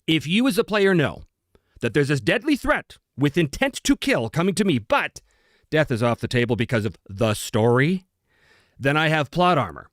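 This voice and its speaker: Animated male host chatting with viewers. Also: a little high, moderate pace, no echo, clean studio sound. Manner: animated, self-deprecating, chatty. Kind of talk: live stream Q&A chat.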